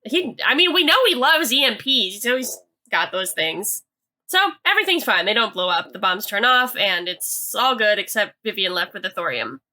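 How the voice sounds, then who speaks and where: A woman's voice: mid-range voice, sing-song, moderate pace, sharp tone. A young woman co-hosting a podcast, casually recapping a TV episode with lots of "like" and hedging. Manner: chatty, hedging with "like", reads quotes aloud. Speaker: podcast co-host.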